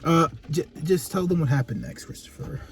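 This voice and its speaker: A young man co-hosting a casual movie review chat, excitable and profane, ranting with lots of swearing. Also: on the high side, normal speed, slight background noise. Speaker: co-host.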